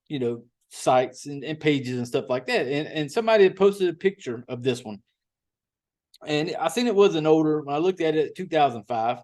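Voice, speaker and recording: A folksy man hosts a podcast in loose, profane chat. His voice sits a little high for a man, and he rambles and drawls as he goes. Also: darkish tone. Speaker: podcast host.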